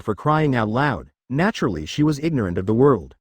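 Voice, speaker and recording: A man's voice: medium pitch, sing-song, fairly quick, husky, dry recording, studio quality. A man reading fan fiction aloud as narrator, in plain storytelling delivery.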